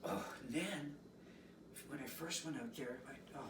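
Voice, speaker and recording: Brief: musician man, rambling storyteller, slightly high voice, roomy and off-mic with background noise. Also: normal speed. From East Coast. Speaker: musician guest. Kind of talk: storytelling in casual interview. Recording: roomy, distant mic, noisy.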